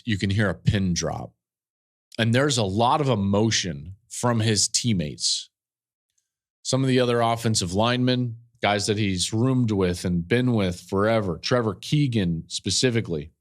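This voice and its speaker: A man hosting a podcast, telling a story in an earnest, emotional way with fillers and repeated phrases. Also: fairly low pitch. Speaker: podcast host and football analyst.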